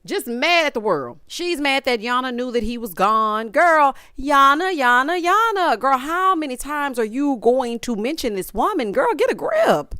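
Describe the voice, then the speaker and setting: A woman hosting a casual reality TV recap, talking in an animated, dramatic, sassy way with punchy asides. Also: sits high, moderate pace, few pauses, dry recording, clean studio sound.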